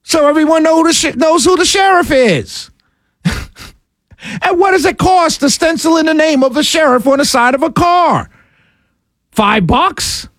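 Speaking in a very high-pitched voice at a measured pace with long pauses, a man hosts a radio talk show and rants incredulously. He is animated and sarcastic, quoting voices mockingly and laughing through his opinionated monologue. The audio is studio quality, without room sound.

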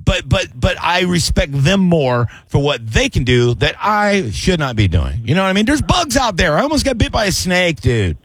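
A man's voice: high-pitched, normal speed, hardly any pauses, breathy edge. A middle-aged man hosting a call-in radio show and doing stand-up-style banter, joking and whining on purpose. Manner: animated, joking, whines on purpose. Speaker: radio show host and comedian.

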